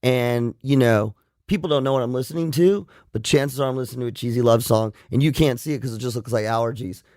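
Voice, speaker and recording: Candid, halting male psychologist co-host. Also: medium pitch, darkish tone, dry recording, clean studio sound. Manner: candid and self-deprecating, halting restarts. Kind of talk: casual radio chat.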